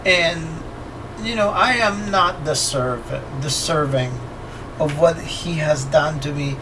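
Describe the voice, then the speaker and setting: A man voicing a frightened, apologetic woman who pleads in halting, emotional bursts. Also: fairly high pitch, far from the mic, background noise. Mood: pleading, tearful. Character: frightened, tearful middle-aged woman, apologetic.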